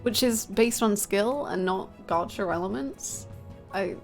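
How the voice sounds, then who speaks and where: A woman's voice: medium pitch, unhurried. Chatty woman streamer over faint game music. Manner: chatty, self-mocking, reads and answers chat aloud. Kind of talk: casual live-stream chat while gaming.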